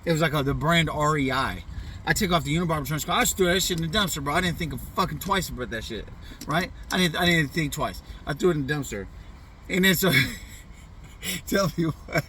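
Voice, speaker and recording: Picked up far from the mic with a faint hiss or hum, this middle-aged man's fairly high voice comes across brisk, pushed, and bright. He's a vlogger from the US Pacific Northwest, casually telling a funny childhood tale in loose, profane slang and often throwing in "you know what I'm saying."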